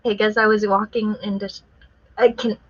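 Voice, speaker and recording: A woman's voice: mid-range voice, little pitch movement, moderate pace, husky. A woman guest artist telling a story in casual chat, laughing often as she talks. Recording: muffled lo-fi sound.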